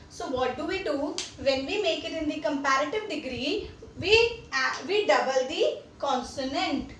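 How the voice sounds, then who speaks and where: High-voiced Indian woman teaching grammar. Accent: Indian English. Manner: repeats examples and checks understanding. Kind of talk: classroom grammar lesson. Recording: echoey room, distant mic, faint noise.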